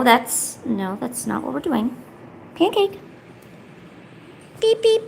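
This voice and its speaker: A young woman streaming, coaxing and teasing her cat in a playful, high-pitched baby-talk voice. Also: vocal fry, a little hiss or hum. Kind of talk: live-stream chat.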